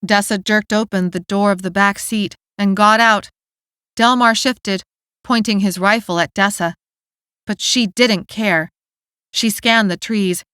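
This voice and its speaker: A woman narrating an audiobook in a steady, clear storytelling manner, recorded on a studio mic. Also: medium pitch, a little slow, no echo. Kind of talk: scripted narration.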